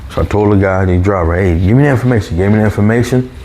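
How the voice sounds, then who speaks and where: A man with a fairly low voice tells a personal story in a relaxed, conversational way. He gets animated and jumps up high when he quotes other people. A faint hum sits behind him. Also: racing. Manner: animated, raises pitch when quoting coworkers. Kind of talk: casual storytelling.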